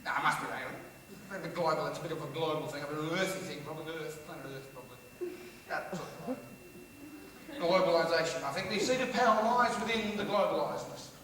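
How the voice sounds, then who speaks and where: A man's voice: on the high side, fast talker, recorded from a distance, background noise. A male stand-up comedian with an Australian accent, brash and profane, teasing the audience during a live show. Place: large music hall with a live audience. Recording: echoey hall taped from afar with loud crowd laughter.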